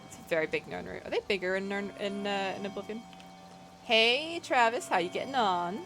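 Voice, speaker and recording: A woman's voice: medium pitch, fairly quick, music in the background. A woman streaming a video game, chatting casually, reacting to the game and greeting viewers in a playful, self-deprecating way. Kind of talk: casual gameplay commentary.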